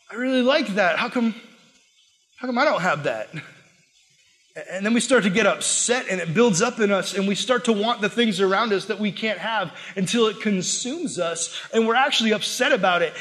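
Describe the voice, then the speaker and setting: A man's voice: sits high, a bit bright, in a large hall. A man, a pastor, delivering a sermon in a conversational, emphatic way and acting out the prayers and complaints he quotes.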